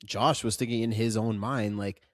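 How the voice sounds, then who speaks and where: Animated man co-hosting a film podcast. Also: fairly low pitch, normal speed, dry recording, clean studio sound. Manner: animated, laughs often, acts out movie quotes. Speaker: podcast co-host. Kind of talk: casual film discussion.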